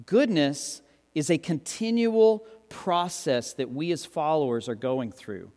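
A man in his thirties, a pastor giving a lively, joking sermon and acting out quotes. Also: slow pace. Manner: animated, joking, acts out quotes with big pitch jumps. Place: church hall with long reverb. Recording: reverberant hall, live sermon.

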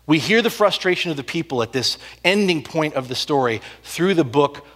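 A man preaching a sermon, telling the story with animated swings between loud and hushed delivery. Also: a little high, normal speed. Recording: long hall reverb.

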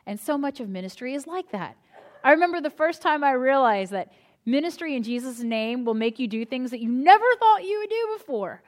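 A woman's voice: high-pitched, expressive, brisk. A woman pastor preaching a sermon in a conversational style, telling humorous personal stories.

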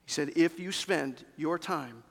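A male pastor delivers a sermon in a high, gravelly voice. He speaks conversationally, turning to the congregation with questions. The sound carries a long reverb from the church hall. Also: a little slow, fairly bright tone. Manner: conversational, engages the congregation directly. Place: church sanctuary.

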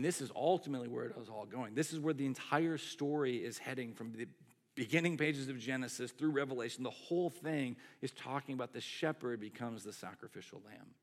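Male pastor, relaxed conversational sermon delivery, animated, talks straight to the congregation. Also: mid-range voice. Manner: conversational, animated preaching full of asides.

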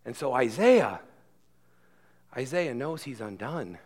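A man preaching a sermon who swings between quiet asides and loud emphatic passages, repeating words as he builds. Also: mid-range voice, big pitch swings, slow. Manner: repeats and restarts words when worked up. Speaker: pastor.

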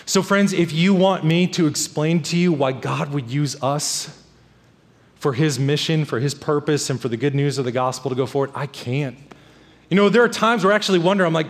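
High-voiced preacher man in a reverberant hall. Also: moderate pace. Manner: emphatic, repeats key phrases. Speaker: pastor. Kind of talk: sermon.

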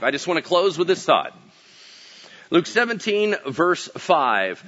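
A male pastor preaching a casual sermon, telling stories with acted-out quotes and swinging from booming to hushed. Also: very animated, unhurried, dull audio.

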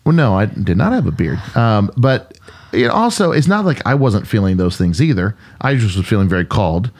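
Man, middle-aged, pastor, casual chat, earnest storytelling, low voice. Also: brisk. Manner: earnest storytelling with restarts, animated when retelling. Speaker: pastor and podcast co-host.

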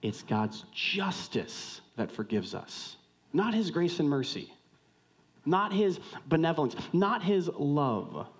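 A man preaching a sermon in a conversational, joking way, swinging from loud outbursts to hushed lines and questioning the congregation directly. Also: a little high. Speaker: pastor.

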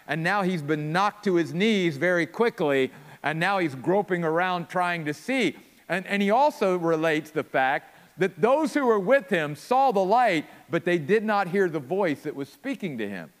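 High-voiced earnest preacher in a hall. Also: male voice, a bit bright. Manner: earnest, repetitive emphasis. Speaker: pastor. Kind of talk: sermon.

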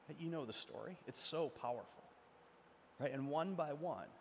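A male preacher tells the story dramatically, dropping to a hush and then building back up. His voice sits a little high. The sound rings with the long reverb of a large hall. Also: animated, normal speed, gravelly, a little hiss or hum. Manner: dramatic retelling, shifts from loud to hushed. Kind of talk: sermon storytelling.

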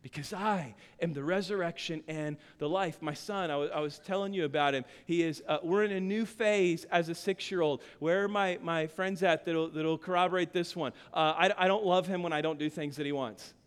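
A man in his thirties preaching a sermon as pastor, impassioned, dropping quiet and then building to shouts. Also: a little high, brisk, hardly any pauses, clear, resonant tone. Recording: long hall reverb.

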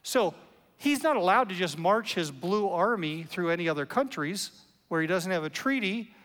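A man with a high, light voice preaches a sermon, animated and conversational, slipping in playful asides. His words ring out with a long reverb, as if in a big hall. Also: moderate pace. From United States. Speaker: pastor.

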